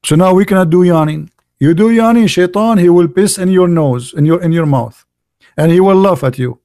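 A man's voice: high-pitched, normal speed, a little mellow, no echo, studio quality. A man hosting a polemical monologue, mocking as he talks, asking rhetorical questions and repeating words for emphasis. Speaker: channel host.

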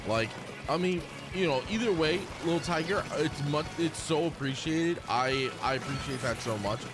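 A man streaming a video game live, excitable and apologetic as he chats with his viewers. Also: on the high side, moderate pace. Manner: excitable, yelps and laughs during play. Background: game music.

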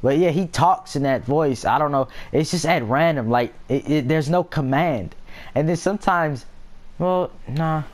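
A man's voice: on the high side, normal speed. A young man chatting casually and profanely while playing a video game, rambling between stories and asides. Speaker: gameplay vlogger. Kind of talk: casual gaming commentary.

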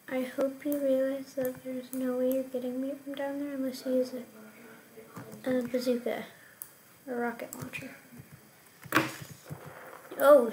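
A young female gamer giving playful, joking commentary while she plays, with sudden excited outbursts. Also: sits high, a little hiss or hum. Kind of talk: casual gameplay commentary.

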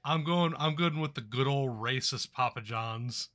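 Male co-host, bright sharp tone, hesitant, restarts sentences. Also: mid-range voice, a little slow. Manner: short agreeing replies, hesitant restarts. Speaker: podcast co-host. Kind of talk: casual chat.

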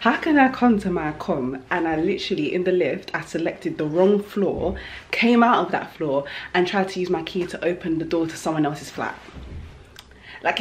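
A young woman, vlogging in casual chat straight to camera, animated and talkative. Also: lowish voice, a little hiss or hum, poor audio. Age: young adult.

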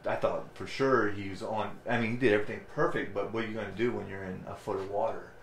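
A man hosting a casual fishing chat, relaxed, with frequent fillers and short agreeing replies. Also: lowish voice, fast. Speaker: host. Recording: roomy echo.

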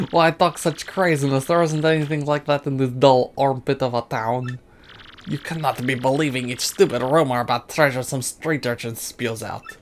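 It's a let's play where a man voices game characters, here a grandiose, vain rich trader with a put-on, exaggerated French accent and theatrical delivery. He's medium-pitched with fairly even intonation at a moderate pace, lightly acted, with slight background noise.

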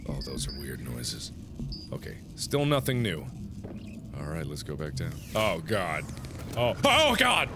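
A man's voice: a bass voice, sing-song, measured pace. A man commentating his own gameplay, nervous and easily startled, with panicky exclamations and nervous laughs. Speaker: let's play host. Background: game music.

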